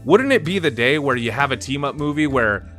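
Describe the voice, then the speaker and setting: A man's voice: medium pitch, animated, fairly quick, bright, forceful tone, soft background music. A young man hosting a live stream, rambling with enthusiasm and frequent laughs as he chats casually. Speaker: stream host.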